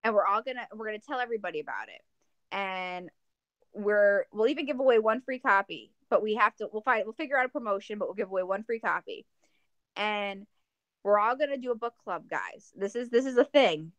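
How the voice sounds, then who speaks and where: A woman's voice: medium pitch, brisk, no echo, muffled recording. Joking woman podcast co-host, dry sound. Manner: animated, joking, rambling plans. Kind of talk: casual chat.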